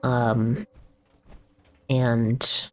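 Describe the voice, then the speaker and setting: A man's voice: medium pitch, flat delivery, very slow, a bit bright. Rambling, profane young man streaming. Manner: rambling, profane venting with many fillers. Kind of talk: casual live-stream chat.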